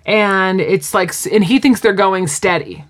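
A woman co-host chatting casually on a podcast. She retells scenes with animation, slipping into the characters' lines as she goes. Her voice sits at an ordinary middle pitch. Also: unhurried. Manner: animated retelling, acts out quotes. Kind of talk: casual chat.

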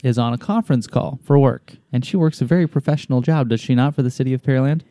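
A man in casual podcast chat, telling stories in a relaxed, easygoing way with the odd chuckle. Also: mid-range voice, fast, no room sound, clean studio sound. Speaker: podcast co-host.

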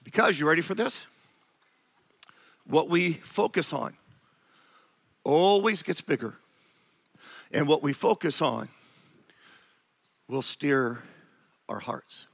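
A man preaching a sermon, animated and acting out quoted voices of spouses. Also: fairly high pitch, takes it slowly, gravelly, long pauses. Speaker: pastor.

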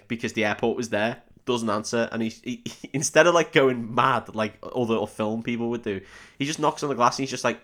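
A man's voice: medium pitch, brisk, a bit bright. A man, co-hosting a comedy podcast and recapping a film in a casual, swearing way, laughing often and acting out characters.

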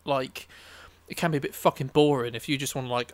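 A man's voice: mid-range voice, fairly even intonation, quick pace, no echo. A young man, a musician, rambling energetically in casual chat and swearing freely.

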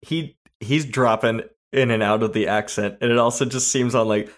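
A man's voice: medium pitch, steady tone, moderate pace. A man hosting a casual movie podcast, talkative and laughing easily as he chats. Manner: talkative, laughs while talking. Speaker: podcast host.

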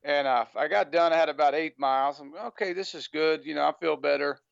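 This American man, a podcast guest in casual interview chat, talks a little fast with fairly even intonation and rambles, leaning on "you know." He has a smooth, clean, slightly raised voice. The lo-fi, dull sound suggests a remote call, close and dry with no room sound.

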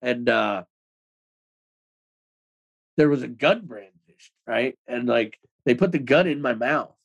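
A man speaking as an interview guest, telling his own story in rapid, loose talk with many "like"s and plenty of swearing. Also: mid-range voice, lively intonation, gravelly, highs cut off. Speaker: interview guest, former extremist. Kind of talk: casual storytelling in a podcast interview.

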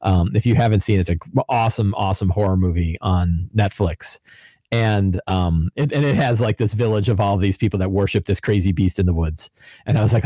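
Man telling game stories in animated chat. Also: on the low side, fairly quick, dry recording, clean studio sound. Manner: animated storytelling. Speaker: game master and podcast co-host. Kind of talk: casual chat.

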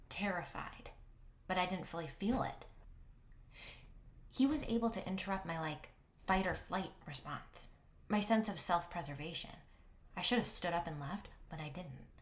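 A woman tells her own paranormal encounter in a low, confiding voice. She keeps things hushed and close, often slipping into a whisper for effect. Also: moderate pace. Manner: hushed, intimate telling with whispered asides. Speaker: paranormal blogger and storyteller. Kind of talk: first-person story narration.

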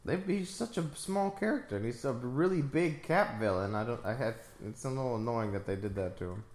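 A man's voice: medium pitch, expressive, a little fast, a little mellow, reverberant. A man co-hosting a casual movie commentary, joking and riffing. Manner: joking, riffs into silly voices. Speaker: podcast co-host.

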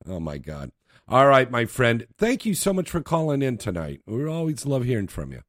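A man's voice: mid-range voice, wildly swooping pitch, normal speed, no room sound, studio quality. A man hosting a late-night talk radio show, chatty, brash and joking with callers.

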